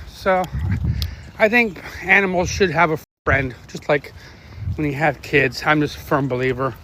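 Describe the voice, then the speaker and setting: Dude rambling on a dog walk, swears a lot, yells at the dogs now and then, kinda high voice, faint outdoor hiss. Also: male voice. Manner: rambling, swears casually, calls out sharp commands to his dogs. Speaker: vlogger walking his dogs. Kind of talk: casual live-stream chat.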